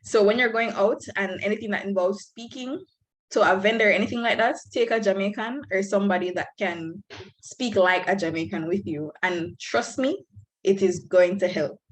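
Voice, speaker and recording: A woman's voice: mid-range voice, moderate pace, rough recording. A young woman from Belize, giving frank, earnest advice to new students on a video call. She speaks candidly and laughs lightly now and then.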